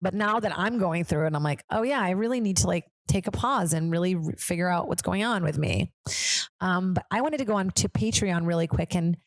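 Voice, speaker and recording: A woman's voice: on the low side, brisk, no room sound. A woman in her thirties hosting a comedy podcast, rambling along casually and slipping into quoted voices. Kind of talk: casual chat.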